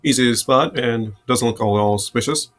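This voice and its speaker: A man's voice: mid-range voice, moderate pace, a bit bright. Rambling male game master. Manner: rambling, restarts often. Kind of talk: narrating a tabletop game.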